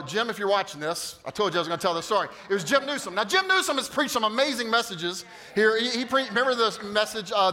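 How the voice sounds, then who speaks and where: A male pastor telling a funny story in a sermon, animated and jokey, acting out the quotes. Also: high voice. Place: church auditorium.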